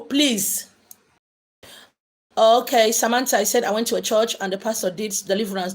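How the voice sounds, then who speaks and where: A woman speaks to her online viewers in a voice a little higher than most. She preaches emphatically and answers their questions live. She repeats phrases to drive her points home. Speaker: spiritual livestream host. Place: indoors, live streaming.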